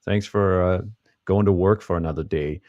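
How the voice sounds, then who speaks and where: An easygoing man hosts a casual interview, talking in a conversational way about coaching couples. His voice is very low, and the sound is dry and close, with no room echo. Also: fairly even intonation, moderate pace, a little mellow, highs cut off. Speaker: podcast host, couples coach.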